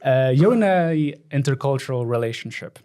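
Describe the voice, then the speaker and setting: A man, hosting an English-language interview and thinking out loud as he asks questions. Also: medium pitch, animated, moderate pace, clean tone. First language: Polish. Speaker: interview host. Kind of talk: casual conversation.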